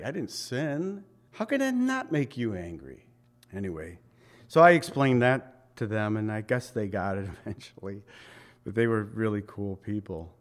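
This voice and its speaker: A pastor preaching a conversational sermon, swinging between loud emphatic bursts and quiet asides. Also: male voice, medium pitch, big pitch swings, normal speed.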